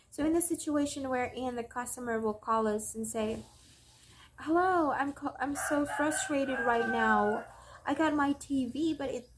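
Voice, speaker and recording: Chatty Filipino woman explaining calmly. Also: fairly high pitch. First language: Tagalog. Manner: conversational, repeats and restarts phrases while explaining. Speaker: vlogger. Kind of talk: casual explanation to camera.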